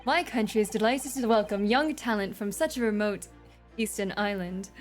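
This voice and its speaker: A man's voice: high-pitched, moderate pace, soft background music, close to an everyday voice. A woman voicing an imposing older male British judge in a posh British accent, formal and commanding. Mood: stern formal. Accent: posh British, attempted.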